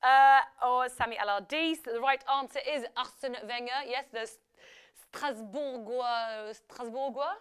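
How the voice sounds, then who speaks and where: A woman's voice: sits high, moderate pace, hardly any pauses, a bit bright, clear, resonant tone. A woman hosting a live quiz show, chatty and upbeat, reading out questions and results and ad-libbing with fillers and self-corrections. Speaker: quiz host.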